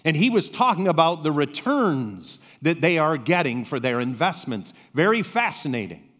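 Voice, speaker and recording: Slow, emphatic preaching man in a reverberant hall. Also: on the high side, very animated, fairly bright tone. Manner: preaching with slow emphatic pauses and rhetorical questions. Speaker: pastor. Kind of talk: sermon.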